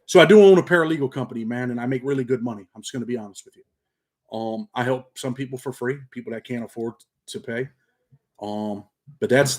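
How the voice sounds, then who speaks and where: Streetwise upstate New York man, slangy. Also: mid-range voice. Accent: upstate New York, slightly country. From Rochester, New York. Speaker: channel host and paralegal. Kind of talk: casual livestream chat, reading comments.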